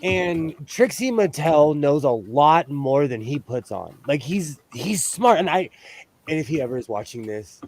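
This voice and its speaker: A man from the US West Coast hosts a casual sewing livestream, chatting as he sews, rambling from topic to topic and laughing often. His voice is a little high and darkish in tone, expressive and unhurried, with no echo.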